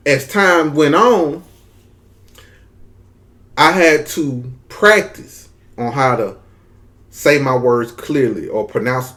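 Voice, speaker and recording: A man with a thick Mississippi drawl tells a story to camera in a loose, laid-back way, stretching his words and peppering them with slang. His voice sits at a plain middle pitch and never sounds polished. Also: a bit bright. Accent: Mississippi Southern drawl. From Mississippi, US South. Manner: laid-back, drags words, slangy, frequent "you know what I'm saying". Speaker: content creator. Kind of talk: casual storytelling monologue.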